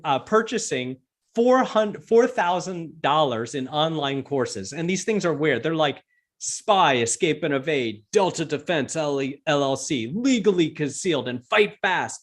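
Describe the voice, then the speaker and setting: A man telling a story with lively amusement, full of fillers and restarts, speaking remotely for a virtual event. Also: a little high, unhurried. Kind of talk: animated storytelling.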